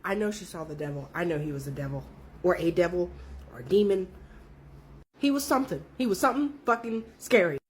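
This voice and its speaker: A woman's voice: on the low side, lively intonation, fairly quick, slight background noise. A young woman telling her own story in a casual, profane, emphatic way.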